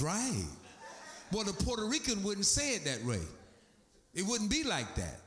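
A man preaching a sermon, animated, his voice climbing high as he gets excited. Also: a little slow. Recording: echoey room.

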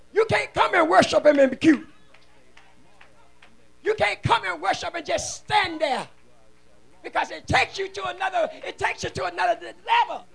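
A man preaching a shouted revival sermon in a church, fervently chanting and exhorting the congregation in call-and-response. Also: very high voice. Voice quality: gravelly, husky. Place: church sanctuary.

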